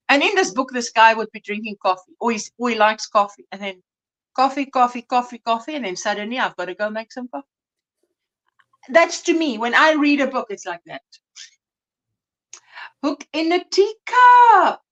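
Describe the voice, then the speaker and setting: High-voiced South African woman chatting. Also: a bit bright. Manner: chatty, laughs often, reads viewer comments aloud. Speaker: livestream host. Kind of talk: casual livestream chat.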